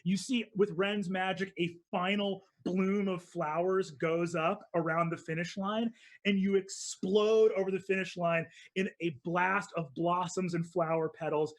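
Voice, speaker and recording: An excitable man narrates a tabletop game as dungeon master. He talks with an animated, eager energy and sprinkles his narration with fillers and quick restarts. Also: sits high.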